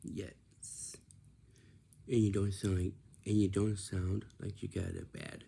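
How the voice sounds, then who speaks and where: A man with a low, gravelly voice talks slowly through everyday advice. He speaks in a dark, mellow tone, circling back and restarting his sentences as he lectures. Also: level tone. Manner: repetitive, instructive, many restarts and tag questions. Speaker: vlogger giving life advice. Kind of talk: casual lecturing monologue.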